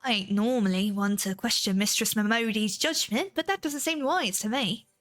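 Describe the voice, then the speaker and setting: A woman voicing a gruff, uncharitable common man in a game, speaking in a rough dialect. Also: fairly high pitch, moderate pace, fairly bright tone, natural voice. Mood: scornful.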